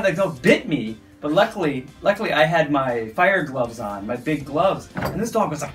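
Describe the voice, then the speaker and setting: A man's voice: on the high side, fairly quick, few pauses, faint music behind. A middle-aged man from the United States, a university English teacher, telling stories casually and acting out sounds and voices as he goes. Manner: animated, acts out sounds and voices in his stories. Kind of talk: casual storytelling.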